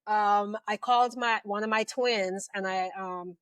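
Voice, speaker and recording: Middle-aged woman telling her story, mid-pitch voice, acts out everyone's lines, dry close sound. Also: measured pace, no echo. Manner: animated retelling, acting out quoted voices. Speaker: guest, police officer. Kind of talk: storytelling in an interview.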